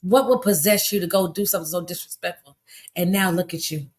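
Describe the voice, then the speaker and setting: A middle-aged woman, ranting in a loose, casual commentary. She talks bluntly and indignantly, lecturing like a no-nonsense parent, and her voice shoots up high in exasperated bursts. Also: brisk. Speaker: commentary vlogger.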